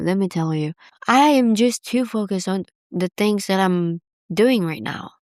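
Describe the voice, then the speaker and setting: A woman's voice: medium pitch, creaky, no room sound, studio quality. A young woman hosting a podcast alone, talking candidly and rambling, filling her sentences with "like". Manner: candid, rambling, heavy use of "like". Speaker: podcast host. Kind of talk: casual solo confessional talk.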